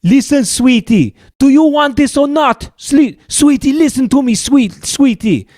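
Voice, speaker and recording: A man's voice: very high voice, expressive, unhurried, darkish tone, no echo, studio quality, voice pushed up. A man imitating an impatient, angry male phone scammer who keeps repeating a pet name in exasperation. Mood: exasperated.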